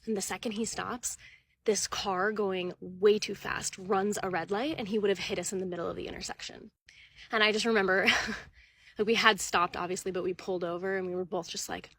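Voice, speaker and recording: A woman's voice: mid-range voice, fairly even intonation, normal speed, fairly bright tone. Earnest woman telling a vivid story. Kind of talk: casual storytelling to camera.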